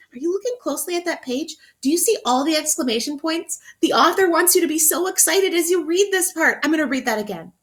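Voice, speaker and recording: A woman teacher reading a picture book aloud to children, expressively, pausing to ask them questions. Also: sits high, expressive, a bit bright. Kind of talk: interactive read-aloud for children.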